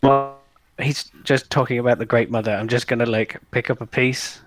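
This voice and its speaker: A man's voice: medium pitch, steady tone, moderate pace. A man playing a tabletop game, chatting casually and filling his sentences with "like". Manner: casual, rambling with "like". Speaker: player.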